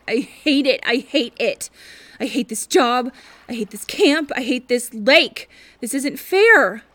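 A woman playing a frazzled young camp counselor who swears in exasperation and laughs nervously. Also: sits high.

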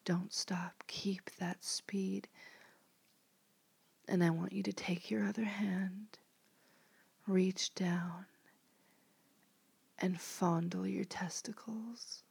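Whispered role-play: woman, dominant hypnotist, very slow and breathy, steady and flat. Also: mid-range voice, no room sound.

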